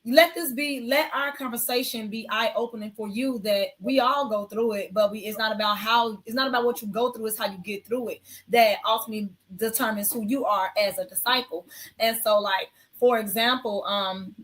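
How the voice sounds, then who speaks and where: A woman nurse giving her testimony on a faith talk show, telling an animated story and acting out the lines of people in it. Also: a little high, normal speed.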